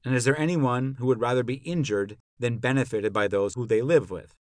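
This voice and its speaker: A man's voice: mid-range voice, fairly quick, a little mellow, no room sound, studio quality, close to an everyday voice. A man reading as an old philosopher cross-examining his accuser. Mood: probing, indignant. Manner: rhetorical, questioning, pointed. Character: elderly male philosopher on trial, probing and ironic. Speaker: podcast narrator. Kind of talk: dramatic reading of a classical dialogue.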